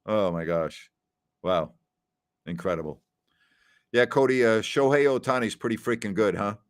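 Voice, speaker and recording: A middle-aged man hosting a live question-and-answer stream, telling stories and reading viewer comments in a chatty way that often repeats names and phrases. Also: on the low side. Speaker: host.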